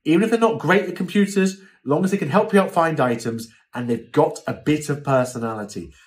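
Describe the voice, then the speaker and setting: A man's voice: fairly high pitch, brisk. A young British man giving a chatty, casual lesson as a live-selling coach, often acting out voices as he explains. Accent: British English. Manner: chatty, animated, acts out quoted voices. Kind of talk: casual instructional talk.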